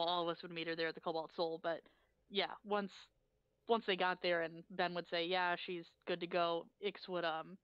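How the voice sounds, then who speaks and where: A woman player in a tabletop game, chatting casually in a quick, laughing way. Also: on the low side, smooth, no echo, highs cut off. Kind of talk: casual in-character play.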